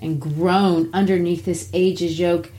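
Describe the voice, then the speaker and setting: A woman reads the part of Cassius, the scheming, persuasive Roman general, taking the verse slowly and deliberately. Her voice is lowish, level and mellow.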